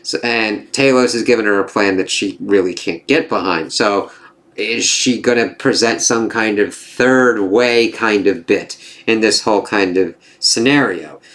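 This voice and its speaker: A man's voice: lowish voice, unhurried, a bit bright. A man casually reviewing a TV episode, rambling and swearing, with lots of fillers and acted-out quotes.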